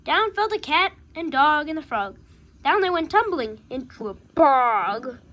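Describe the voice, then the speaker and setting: A woman reading a rhyming picture book aloud with a steady rhythm. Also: high-pitched, unhurried, dull audio. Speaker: reader.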